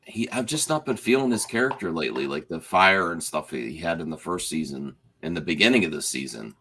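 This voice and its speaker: A man with a slightly low but bright, forward voice chats casually about a TV finale. He is animated and often restarts his sentences. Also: fairly quick. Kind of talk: casual spoiler chat.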